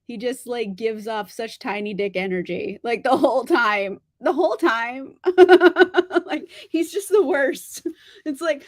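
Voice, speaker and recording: A woman's voice: a little high, animated, slow pace, no room sound, clean studio sound. Chatty, laughing young woman. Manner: laughs often, chatty and blunt. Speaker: book streamer answering chat. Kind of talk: casual live-stream chat.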